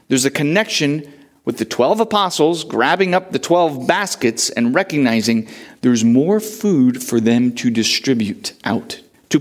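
A man preaching a sermon as pastor, asking rhetorical questions with big rises and drops in pitch and slowing down to read scripture.

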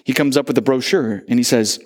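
A man's voice: mid-range voice, brisk. A man preaching a sermon, telling stories animatedly and acting out the quotes. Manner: animated storytelling with acted-out quotes. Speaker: pastor.

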